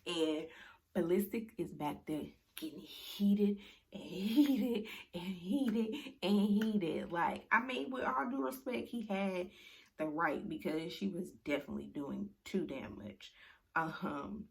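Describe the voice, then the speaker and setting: A young woman in casual chat, recapping reality TV in a slangy, animated storytelling way, full of "like" and "you know". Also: fairly low pitch, takes it slowly, gravelly.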